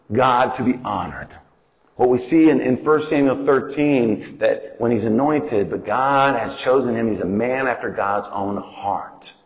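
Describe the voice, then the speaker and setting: A man teaching a Bible lesson in a conversational, explanatory way, sometimes asking listeners to repeat after him and acting out quotes. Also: mid-range voice. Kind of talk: Bible lesson, call and response. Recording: dull audio with long hall reverb.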